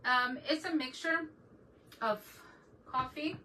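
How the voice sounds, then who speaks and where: With a high, sharp voice, a middle-aged woman takes her time as she hosts a casual DIY craft livestream, chatting with viewers and often laughing while she works. She sounds slightly distant from the mic, and faint background noise can be heard.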